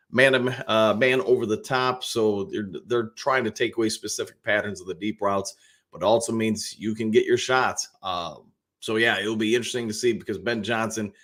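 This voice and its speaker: The host's lowish voice is a bit bright as he runs a live football talk show, chatting through viewer comments and his own opinions. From the Detroit area, he rambles casually with lots of restarts and fillers, greets viewers by name, and stays upbeat.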